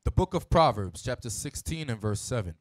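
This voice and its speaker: Man reading scripture aloud, measured. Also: medium pitch, lively intonation, no room sound. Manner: formal and measured. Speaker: scripture reader.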